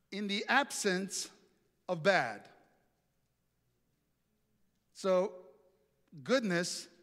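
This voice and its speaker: High-voiced preacher in a reverberant hall. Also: male voice, fairly bright tone. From Italy. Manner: storytelling, playful, asks the audience questions. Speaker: pastor. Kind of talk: sermon. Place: large hall with an audience.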